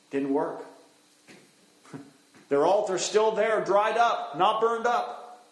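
High-voiced man preaching in an echoey room. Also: steady tone, slow, pauses often. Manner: conversational Bible teaching with fillers. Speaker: pastor. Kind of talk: sermon. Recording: roomy echo.

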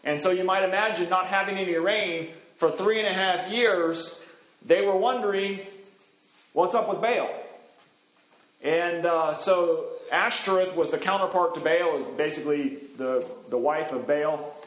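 A man's voice: high voice, normal speed, fairly bright tone. A man in the role of pastor giving a sermon, teaching from the Bible in a conversational way with frequent fillers. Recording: roomy echo.

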